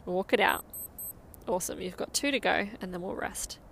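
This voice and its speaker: A woman's voice: on the low side, normal speed, gravelly, a bit bright, slight background noise. A woman coaching a guided interval run outdoors, upbeat and encouraging as she counts down. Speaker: running coach.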